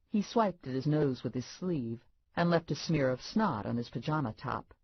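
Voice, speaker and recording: A woman reading a first-person audiobook with wry, deadpan asides and a pitch that moves around a lot. Her voice is a touch husky, and the recording is dry and dull, lacking crispness. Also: normal speed, dry recording. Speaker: audiobook narrator. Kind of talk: first-person scripted narration.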